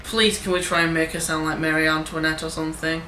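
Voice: medium pitch, flat delivery, quick pace, pushed and bright. A friend guiding a video game in casual chat, teasing and laughing. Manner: teasing, laughing, giving tips. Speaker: co-player and guide. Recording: echoey room with faint noise.

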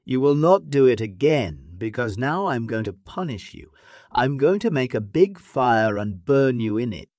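A man reading a graded-reader story, voicing a boastful, cruel male lion in a loud, threatening voice. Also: medium pitch, sing-song, unhurried, no room sound, voice pushed up.

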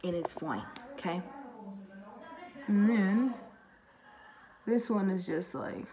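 A woman's voice: medium pitch, slow pace, vocal fry, pauses often, warm tone, poor audio. A young woman chatting casually through a makeup tutorial, rambling and talking to herself as she works. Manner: chatty, rambling, talks to herself while working. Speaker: beauty vlogger.

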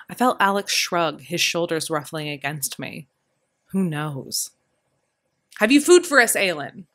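A woman with a lowish voice reads a historical romance novel aloud. Her narration is measured and steady, easing softer in the tender passages. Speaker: audiobook narrator. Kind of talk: scripted narration.

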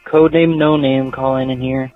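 Flat-voiced man on a tinny phone line. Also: medium pitch, moderate pace, faint music behind. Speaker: caller leaving a voicemail. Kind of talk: casual voicemail.

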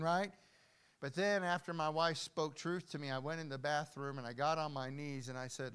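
Older guy preaching in church, bright clear voice, gets loud then quiet. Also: a little high, moderate pace. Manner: animated preaching, swings from hushed to loud. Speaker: pastor. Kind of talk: sermon. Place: church hall.

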